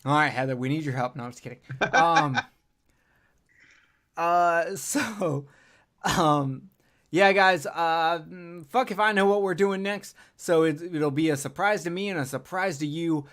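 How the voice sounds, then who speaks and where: A man's voice: fairly high pitch, measured pace, a bit bright. A man hosting a podcast in casual chat, rambling with many fillers and crude jokes. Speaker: podcast host.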